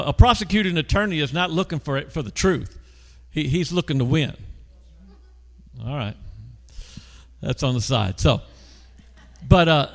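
Man preaching in a reverberant church. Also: a little high. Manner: storytelling, asks the congregation questions. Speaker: pastor. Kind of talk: conversational sermon.

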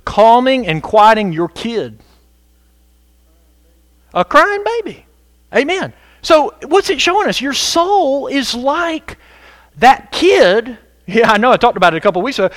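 A man preaching a sermon as pastor, animated and conversational, breaking into sudden shouts for emphasis. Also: extremely high pitch, measured pace, no echo.

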